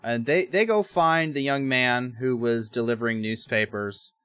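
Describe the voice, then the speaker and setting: A man's voice: medium pitch, normal speed, a bit bright, clear, resonant tone, dry recording. Man, podcast co-host, casual recap, wry rambling delivery, dry close sound. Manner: rambling, frequent restarts, wry asides.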